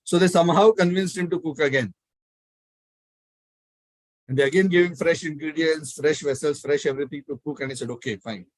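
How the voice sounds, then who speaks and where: Animated male devotional storyteller. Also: a little high, a little fast, pauses often, no room sound, low-quality recording. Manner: animated, acts out the characters. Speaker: spiritual speaker.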